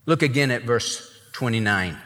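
A male pastor preaches emphatically, swinging his voice up and down as he drives each point home. His bright tone rings out with a long reverb, as in a large sanctuary. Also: mid-range voice, normal speed. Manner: emphatic, animated preaching with acted-out quotes. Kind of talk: sermon.

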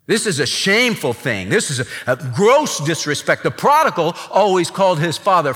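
A male pastor preaches emphatically, swinging his voice up and down as he drives each point home. His bright tone rings out with a long reverb, as in a large sanctuary. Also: fairly high pitch, moderate pace. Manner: emphatic, animated preaching with acted-out quotes. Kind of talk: sermon.

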